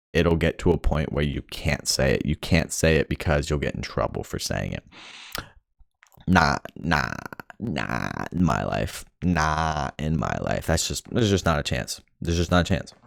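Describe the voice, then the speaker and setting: Young man, very low gravelly voice, frustrated profane rant, dry close sound. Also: lively intonation, moderate pace, no echo. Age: young adult. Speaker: vlogger. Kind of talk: ranting monologue.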